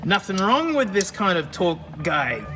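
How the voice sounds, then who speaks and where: Australian male car vlogger, high and excitable, slangy and quick to laugh; reverberant garage sound. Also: over music. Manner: excitable, chatty, laughs often, lots of slang. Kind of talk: casual commentary over car work and testing.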